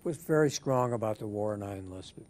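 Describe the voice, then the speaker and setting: An older man being interviewed for an oral history, speaking in a measured, thoughtful way with frequent restarts. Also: fairly low pitch, animated, darkish tone.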